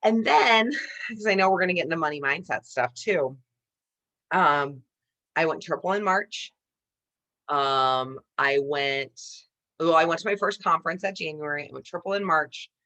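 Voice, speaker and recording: A woman in her thirties, a network marketing leader, telling a motivational personal story with animated energy, often addressing listeners as "you guys". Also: low voice, normal speed.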